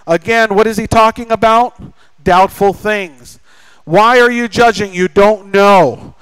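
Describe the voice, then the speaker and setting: An American man preaching a sermon as pastor, lively and acting out the voices of people he describes. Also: high-pitched, clean tone, dry recording, low-quality recording.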